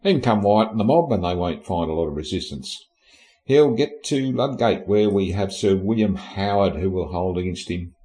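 A man's voice: deep voice, animated, moderate pace, mellow, rough recording. A man narrating history in an irreverent, comic way, cheeky and sweary with lots of slang.

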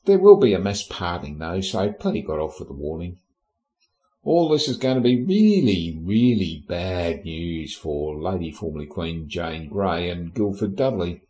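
A man's voice: low-pitched, dark tone, rough recording. A man narrating history in an irreverent, comic way, cheeky and sweary with lots of slang.

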